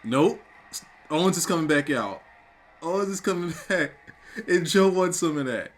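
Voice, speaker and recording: A young man reacting live on camera for his review channel, stunned and repeating exclamations, with bursts of shouting. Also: fairly high pitch, lively intonation, normal speed. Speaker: wrestling reviewer.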